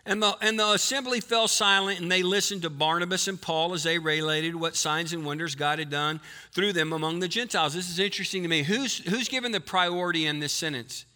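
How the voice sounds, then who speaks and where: A male pastor preaching a sermon to a live congregation, quizzing the people and switching between quick talk and slow emphasis. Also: sits high, bright, forceful tone. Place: church before a live congregation.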